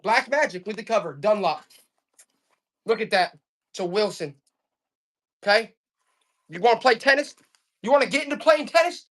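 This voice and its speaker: A woman selling items on a live stream auction in fast, joking, hyped-up sales patter, coughing now and then. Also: high voice, lively intonation, fairly bright tone. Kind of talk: casual live selling banter.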